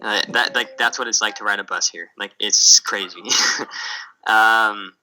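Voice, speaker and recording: A man's voice: lowish voice, steady tone, measured pace, bright, forceful tone, poor audio. A young man from the USA, a missionary, telling stories in a rambling way on a video call, with lots of filler words. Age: young adult. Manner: rambling storyteller, heavy on fillers like "like" and "um". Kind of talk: casual chat on a video call.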